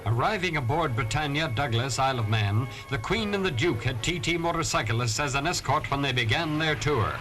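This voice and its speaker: A man's voice: medium pitch, expressive, fairly quick, few pauses, loud music behind the voice, poor audio. A man narrating an old newsreel in a formal, clipped, scripted way.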